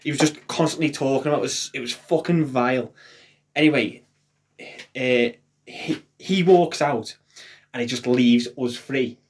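A man co-hosting a podcast, telling a long sweary story in a deadpan way before revealing the joke. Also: medium pitch, measured pace. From England. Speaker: podcast co-host. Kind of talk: casual chat, storytelling.

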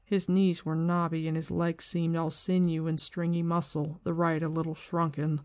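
Laid-back book chat host, swears a bit, reads bits aloud, mid pitch. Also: little pitch movement, normal speed, few pauses, darkish tone, no echo, clean studio sound. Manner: casual, swears, slangy retelling. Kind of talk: casual book discussion with read-aloud passages.

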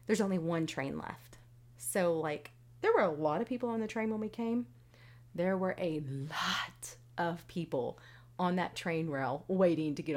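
A middle-aged woman telling a personal story, acting out her own past lines with big jumps in pitch. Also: a little mellow. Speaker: vlogger sharing a personal story.

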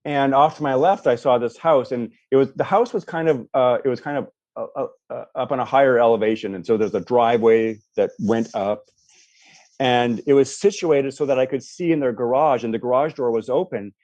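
Male podcast guest for a storytelling read, lively, voices quoted people, slightly muffled lo-fi audio. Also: mid-range voice, moderate pace, dry recording. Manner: animated storyteller, acts out voices, frequent restarts. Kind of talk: storytelling in a casual interview. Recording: dull lo-fi dry sound.

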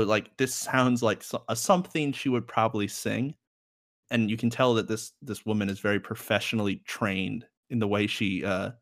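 A man's voice: on the low side, a bit bright, dry recording, studio quality. A young man co-hosting a podcast in casual chat, rambling and laughing often. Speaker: podcast co-host.

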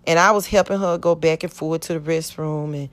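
Middle-aged woman, low-ish voice, earnest rambling testimony, voices the people in her story. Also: fairly even intonation, brisk. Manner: earnest, rambling, acts out quoted speech. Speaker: church member giving testimony.

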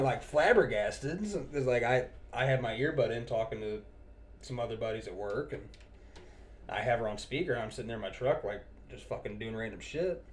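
Swearing, exasperated man telling a work story. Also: medium pitch. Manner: profane, exasperated, quick to laugh. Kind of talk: casual anecdote chat.

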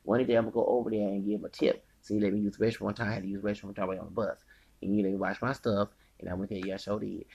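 A man with a gravelly, husky voice rants without a script, cursing and circling back to the same points. He swings between loud, heated outbursts and low, half-mumbled asides. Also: flat delivery, rapid-fire. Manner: rambling, profane, repeating himself. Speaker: podcaster. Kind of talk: angry unscripted rant.

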